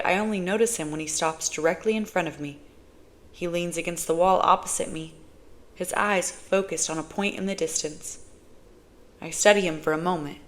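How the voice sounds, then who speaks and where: A woman reading a novel aloud, narrating in first person in a measured way. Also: lowish voice. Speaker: audiobook reader.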